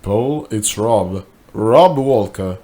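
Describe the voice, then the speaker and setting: Desperate pleading man, low and hushed, slow, voiced by a male reader. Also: animated.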